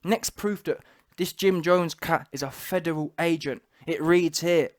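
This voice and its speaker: A man's voice: on the high side, steady tone, unhurried. A man hosting a commentary channel, talking emphatically and repeating rhetorical questions.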